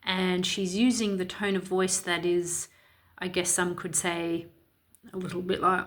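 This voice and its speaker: A woman's voice: lowish voice, level tone, a little slow. A woman from Ireland giving opinionated, sarcastic and indignant commentary in a vlog. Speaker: commentary vlogger.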